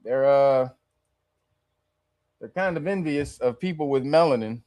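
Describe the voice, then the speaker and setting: A man's voice: mid-range voice, a little slow, a little mellow. A man hosting a casual reaction commentary, sarcastic and loose, often laughing between remarks. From Los Angeles. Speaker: commentary channel host.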